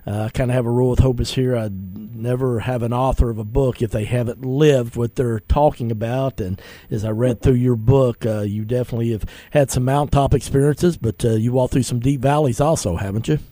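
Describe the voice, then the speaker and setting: A man hosting a faith-themed radio interview show, speaking in a relaxed, conversational way with frequent fillers. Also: mid-range voice, fairly quick, hardly any pauses, no room sound.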